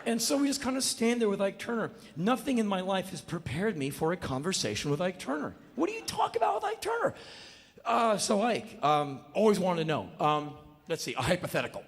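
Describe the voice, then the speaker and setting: A man performing a live spoken word monologue, telling a story in an intense, animated and profane way, often mocking himself. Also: high voice, brisk. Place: stage in a large venue. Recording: echoey live hall with faint noise.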